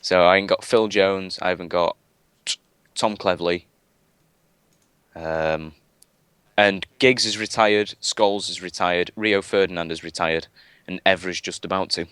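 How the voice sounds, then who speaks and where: A man's voice: sits low, steady tone, a little slow, pauses often, fairly bright tone, smooth, no room sound. A man chatting casually on a gaming live stream, rambling with lots of fillers and restarts. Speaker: guest gamer.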